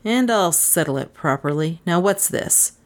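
A woman's voice: on the low side, animated, measured pace. A woman reading aloud voices a grim male detective who speaks curtly through clenched teeth. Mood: menacing.

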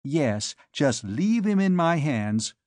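A man voicing a proud, indignant young woman who speaks in clipped, sharp lines. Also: on the high side, lively intonation, normal speed, dry recording, voice pushed up.

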